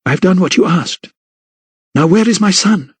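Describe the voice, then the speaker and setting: A desperate young noblewoman, voiced by a male narrator in a high, raised voice for an audiobook. Her voice trembles with pleading, then hardens into commands, and it sits close and dry on the mic. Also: lively intonation, brisk, slightly rough, no echo. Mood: forceful. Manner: pleading then forceful, quivering. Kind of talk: audiobook character voice.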